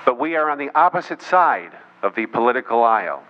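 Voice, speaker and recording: A man speaks a little fast, his medium-pitched voice taking on a sing-song quality. He is a political speaker telling an audience a story, slipping in mocking remarks and quoting others. The recording sounds dull and lo-fi with faint noise.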